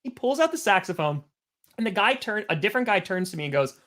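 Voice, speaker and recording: Quick-paced and high-pitched, this man hosts a live stream, narrating game plays and drifting into a meandering story. He comes across as animated and chatty, filling his casual commentary with "like" after "like."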